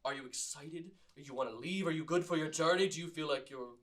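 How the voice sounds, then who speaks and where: A flamboyant, doting fashion mentor stretches out every word with proud enthusiasm, as a man acts him out in a tabletop game. The voice is lifted and bright, heard a little away from the mic. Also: a little high, far from the mic, natural voice. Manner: drawn-out, gushing.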